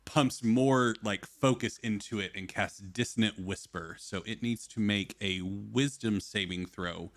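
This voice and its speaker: Low male player, rules-minded, casual table talk. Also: measured pace, few pauses, slight background noise. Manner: explains spell rules, laughs easily.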